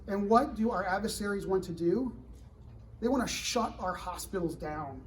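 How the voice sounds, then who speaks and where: A middle-aged man with a high-pitched voice talks to a live student audience at an event. He is animated and keeps asking the room questions. The mic sits a bit far from him, with a faint hum of room ambience behind. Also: moderate pace. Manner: animated, rhetorical questions to the crowd, frequent "right?". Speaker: government security director speaking to students. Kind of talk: fireside chat to a live audience.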